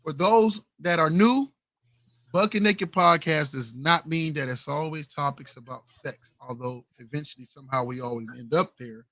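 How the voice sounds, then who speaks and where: A man's voice: on the high side, normal speed, pushed and bright, no echo. A man hosting a casual late-night podcast, laid-back and slangy. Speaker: podcast host. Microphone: home streaming mic, adjusting gain.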